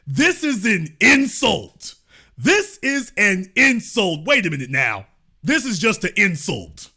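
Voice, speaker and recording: High, bright-voiced man mocking sarcastically. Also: huge pitch swings, slow, slightly rough. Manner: mocking, theatrical, rhetorical questions. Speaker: online show host. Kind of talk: sarcastic political commentary.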